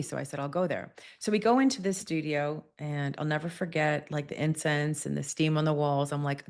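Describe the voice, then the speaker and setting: Low-voiced woman telling a candid story. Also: creaky. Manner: candid, animated storytelling with acted quotes. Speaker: guest. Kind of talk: podcast interview storytelling.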